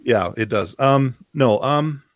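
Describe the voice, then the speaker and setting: Male podcast host, mid-pitched, rambling and sarcastic, dry close mic. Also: slow pace, dry recording. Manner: rambling, emphatic, sarcastic asides. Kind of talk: casual panel discussion.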